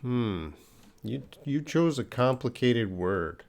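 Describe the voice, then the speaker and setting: A man teaching English on a live stream. He speaks slowly, at a mid pitch. He pauses and restarts as he works through viewers' questions. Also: animated, creaky, a little mellow. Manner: slow, patient explaining with pauses and restarts.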